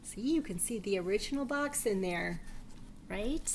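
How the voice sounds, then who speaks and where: A woman reading a picture book aloud to children, animated and asking them questions. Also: medium pitch, normal speed, very noisy. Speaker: library read-aloud reader.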